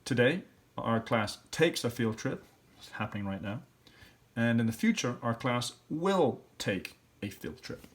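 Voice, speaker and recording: During a classroom lesson, a man works through practice questions aloud, step by step, sounding out letters and syllables. His mid-range voice is expressive and his pace measured.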